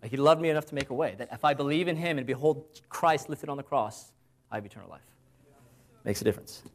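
A man delivers a sermon in an easygoing, conversational way, with a voice of middling pitch for a man. He asks his listeners rhetorical questions and slows down to give each Bible reference. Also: a little hiss or hum. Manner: slows down to cite Bible verses. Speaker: preacher.

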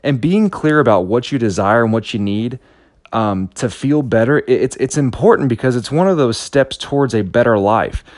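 A man's voice: mid-range voice, animated, normal speed, no room sound. A man in his thirties giving a motivational talk, telling a personal story in an earnest, anecdotal way with frequent restarts.

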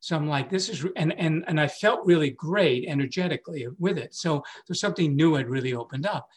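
A man in his sixties, a meditation teacher, telling a personal story in a casual way, laughing often and jumping high when he quotes himself. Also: animated, a little fast.

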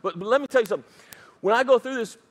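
A middle-aged male pastor preaching a sermon in a high voice. He talks fast and with emphasis, tossing quick asides to his congregation. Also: breathy edge, long reverb tail.

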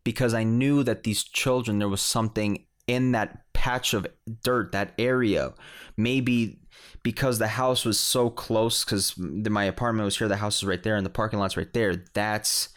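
A man's voice: lowish voice, fairly even intonation, moderate pace. A man casually telling a personal story on a podcast, rambling with many restarts and fillers.

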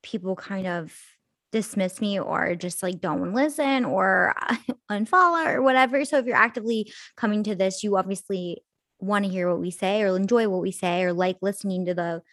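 A woman's voice: medium pitch, moderate pace, fairly bright tone, no room sound, studio quality. A young woman co-hosting a podcast, laid-back in casual chat and swearing casually. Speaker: podcast co-host.

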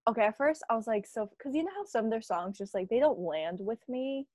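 A young woman co-hosting a podcast in casual chat, gushing and animated, saying "oh my God" often. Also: fairly high pitch, a little fast, no room sound, studio quality. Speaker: podcast co-host.

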